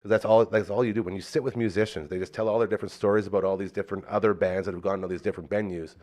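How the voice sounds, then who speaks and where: A man's voice: fairly low pitch, rapid-fire. A man hosting a podcast, teasing his co-host in casual banter. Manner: teasing, playful, animated.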